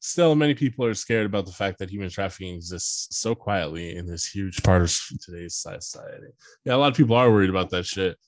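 A man with a fairly low voice reads an article aloud on a podcast. He keeps breaking off with dry, sarcastic, profane asides. The sound is dry and close. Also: lively intonation, brisk, no room sound. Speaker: podcast host. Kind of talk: casual podcast banter reading an article aloud.

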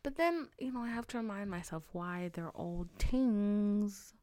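A woman talks to her podcast mic up close, and the sound is dry with no room in it. She swings between hushed asides and loud, exasperated bursts, with lots of swearing and big dramatic delivery. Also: medium pitch, unhurried, dry recording. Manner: animated, profane, dramatic swings into loud outbursts and whispers. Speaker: podcast host. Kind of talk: casual solo podcast storytelling.

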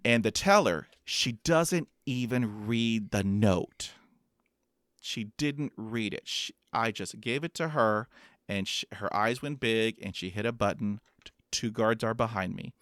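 A man who stutters, blocking and repeating sounds, acts out quotes as he tells a story poking fun at himself; he's an adult with a master's degree. His lowish voice is fairly bright and a little slow, captured in clean studio sound without echo.

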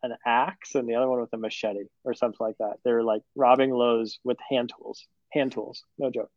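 A man's voice: mid-range voice, steady tone, a little fast, dry recording, muffled recording. A man co-hosting a casual podcast, telling a story in a teasing, dry way. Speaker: podcast co-host. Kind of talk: casual chat.

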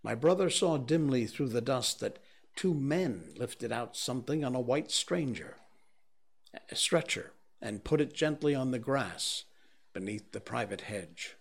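Slow, grave male audiobook narrator. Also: medium pitch, animated, creaky, slightly rough. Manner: slow, measured, grave reading. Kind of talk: scripted narration.

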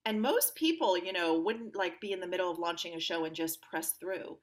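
A woman guest on an interview podcast, telling personal stories in an upbeat, animated way and acting out the voices of people she quotes. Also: on the low side, moderate pace. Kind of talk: conversational interview storytelling.

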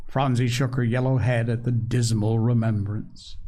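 A man narrating a children's story aloud, reading slowly and expressively. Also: fairly low pitch, steady tone, darkish tone. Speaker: audiobook narrator.

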